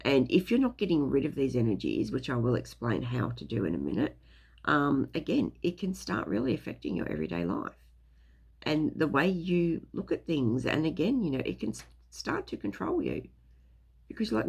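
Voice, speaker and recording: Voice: medium pitch, sing-song, moderate pace, gravelly, a little mellow, slightly rough. A speaker giving a casual, rambling talk on spiritual topics, full of fillers and loose swearing. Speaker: spiritual teacher.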